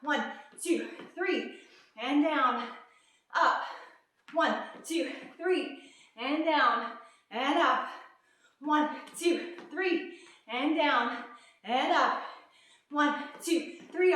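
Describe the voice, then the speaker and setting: A woman's voice: high-pitched, lively intonation, drawn-out words, pauses often, a bit bright. A woman fitness instructor leading a workout, counting reps and cueing moves while out of breath and upbeat. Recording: echoey room, from a distance.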